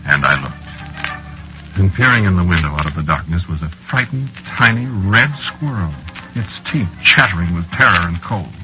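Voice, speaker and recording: A man's voice: low-pitched, lively intonation, moderate pace, pushed and bright, faint music behind, heavily acted, low-quality recording. An actor narrating as an ageless man married to a witch in an old-time radio drama, wistful in telling and flustered in dialogue. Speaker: narrator and lead character.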